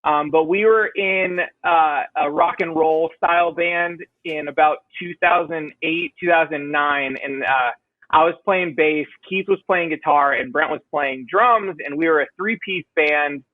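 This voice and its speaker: A man's voice: on the high side, unhurried, dry recording, narrow, tinny audio. A man being interviewed on a podcast as a band vocalist, talking in a rambling, self-deprecating way with many fillers. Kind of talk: casual interview chat.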